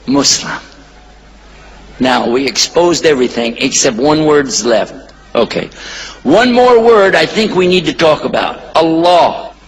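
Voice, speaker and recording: A man's voice: sits high, a bit bright, long reverb tail, low-quality recording. A man giving a playful Islamic lecture to a live audience, drilling them to repeat words back.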